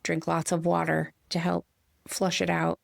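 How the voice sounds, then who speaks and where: A woman's voice: lowish voice, completely flat delivery, a little slow, creaky, dry recording, studio quality. A middle-aged woman, co-hosting a spiritual podcast and telling stories in a chatty way with easy laughter. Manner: chatty storyteller, laughs easily. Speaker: podcast co-host. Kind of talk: casual spiritual chat.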